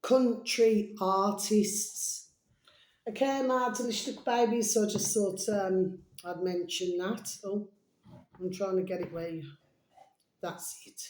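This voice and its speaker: A slightly hoarse woman rambles in a casual chat to camera, showering her viewers with pet names. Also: medium pitch, a little slow. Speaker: video blogger. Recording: roomy echo.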